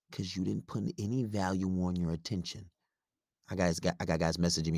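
A man's voice: low voice, little pitch movement, a little fast, a little mellow, no echo, studio quality. A man hosting a podcast, giving relationship advice in a blunt, profane, rambling casual monologue.

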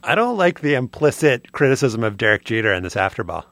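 A man's voice: mid-range voice, sing-song, fast talker, fairly bright tone, no room sound. A man co-hosting a podcast, telling a prepared story in a dry, wry way. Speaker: podcast co-host. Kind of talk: casual chat, reading a prepared segment.

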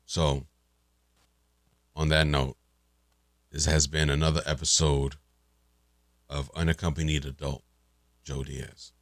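A male podcast host giving an earnest, halting sign-off, repeating words as he searches for them. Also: extremely low pitch, little pitch movement, no echo, clean studio sound.

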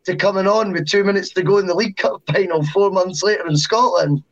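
A man on a football podcast speaking in a fairly high voice. He agrees readily, then lays out his view in a measured, analytical way. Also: dull audio. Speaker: podcast co-host. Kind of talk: casual chat.

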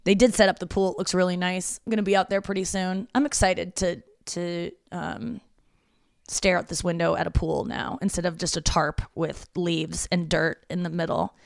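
A woman's voice: on the low side, fairly even intonation, moderate pace, gravelly, dry recording, studio quality. A young woman hosting a casual solo podcast, chatty and confessional, with lots of filler words. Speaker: podcast host. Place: her parents' house.

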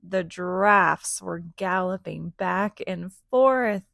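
Lady reading a storybook to kids, slow and a little gravelly, gets them making noises along. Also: on the low side, no room sound, clean studio sound. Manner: animated, asks children to join in with sounds. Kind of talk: reading a picture book aloud.

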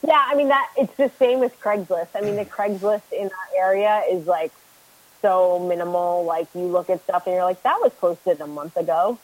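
A woman guest in casual podcast chat, talking freely with lots of "like" and quick laughs. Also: lowish voice, fairly even intonation, no echo, phone-quality sound. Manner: chatty, laughs easily, lots of "like". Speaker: podcast guest, co-host of a reselling podcast.

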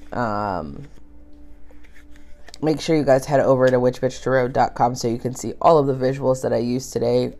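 A woman's voice: extremely low pitch, dark tone. A woman hosting a tarot podcast alone, chatty and rambling, full of fillers. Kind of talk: casual solo podcast reading.

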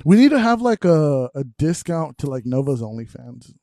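A man's voice: fairly high pitch, big pitch swings, normal speed, warm tone, no echo, studio quality. A man hosting a podcast in casual banter, teasing his co-hosts with crude jokes and frequent laughter. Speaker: podcast host.

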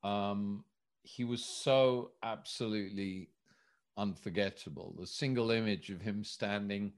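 A man's voice: on the low side, a little slow. A man recounting casting stories in an interview, acting out the dialogue as he goes. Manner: animated storyteller, acts out dialogue. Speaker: guest, director recalling casting. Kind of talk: anecdotal storytelling in an interview.

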